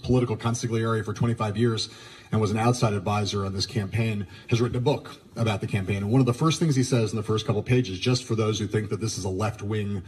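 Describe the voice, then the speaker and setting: A man giving measured news commentary and explaining a political book. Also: on the low side, steady tone, a little mellow, slightly rough.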